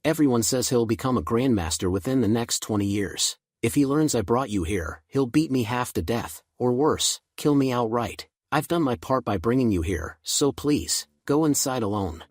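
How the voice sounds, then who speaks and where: A man's voice: medium pitch, animated, moderate pace, hardly any pauses, dry recording, studio quality, lightly acted. A man voicing a cowardly male gang front man who talks in a shaky, pleading way in a recap story.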